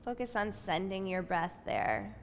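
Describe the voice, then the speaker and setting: Slow, soothing woman guiding yoga. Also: medium pitch, slight background noise. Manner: calm, soothing, unhurried cues. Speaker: yoga instructor. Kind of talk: guided yoga class instruction. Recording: long reverb from a spacious room.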